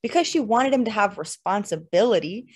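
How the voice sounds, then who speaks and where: A woman voicing a restless young mother who talks in a quick, insistent, edgy way in an audiobook. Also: medium pitch, lively intonation, a little mellow, slightly rough.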